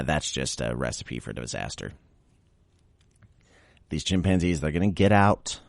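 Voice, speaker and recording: A man's voice: sits low, dry recording. A male podcast host reading out a list of facts and breaking off into wry, sarcastic asides.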